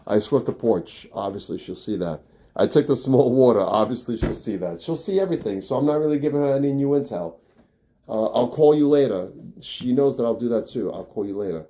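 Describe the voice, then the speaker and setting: A middle-aged man in his fifties talks casually to his viewers on a phone live stream, walking through his family home. His voice sits at an ordinary middle pitch and often drops soft and low as he trails off, chatty and unhurried. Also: expressive. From New York. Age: 50s.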